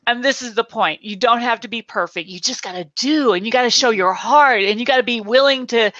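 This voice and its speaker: A woman hosting a casual interview chat, an animated storyteller who acts out what people said. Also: on the high side, brisk, no echo, muffled recording. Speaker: host.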